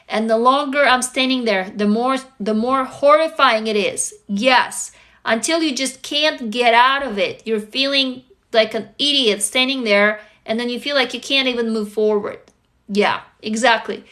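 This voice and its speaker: A woman's voice: on the high side, moderate pace, fairly bright tone. A tired woman hosting a casual livestream, talking candidly with viewers, swearing freely and tossing them rhetorical questions. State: tired, sleepy. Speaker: livestream host answering viewers.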